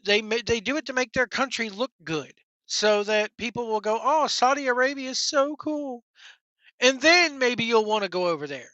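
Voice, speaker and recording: A wrestling vlogger vents his opinions in a blunt, sarcastic way, swearing casually. His voice is bright and forceful. The recording sounds dry and a little dull. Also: mid-range voice, expressive, moderate pace, no room sound.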